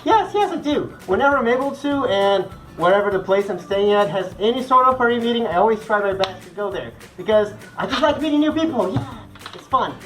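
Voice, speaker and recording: A man's voice: sits high, animated, fairly quick, a bit bright, soft background music, low-quality recording. Bubbly young man with a Portuguese-speaking accent. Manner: playful, bubbly and chatty. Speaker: vlogger answering fan questions. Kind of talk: casual chat.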